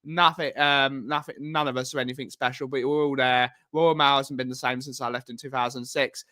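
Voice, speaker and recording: An English man with a mid-range, steady voice, bright and forceful and a little fast, hosts a livestream from home. He talks casually through viewer comments, greeting chat in a rambling, repetitive style.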